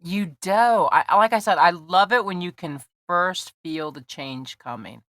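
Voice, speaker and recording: A woman's voice: lowish voice, a little slow, a bit bright, no room sound, clean studio sound. A woman hosting a podcast interview, chatty and playful, laughing often. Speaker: podcast host. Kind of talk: casual interview chat.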